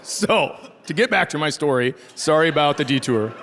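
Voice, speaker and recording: A man's voice: on the high side, lively intonation, moderate pace, a bit bright, a little hiss or hum. A middle-aged man from the Midwest doing a sardonic, profane stand-up set, acting out the people in his stories. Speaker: stand-up comedian. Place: theater stage before a live audience. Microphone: stage microphone. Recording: live crowd laughing throughout. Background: audience laughter.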